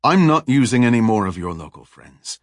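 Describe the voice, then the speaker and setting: A man's voice: mid-range voice, big pitch swings, moderate pace, no room sound, clean studio sound, lightly acted. A man reading a ruthless female boss who gives cold, commanding orders.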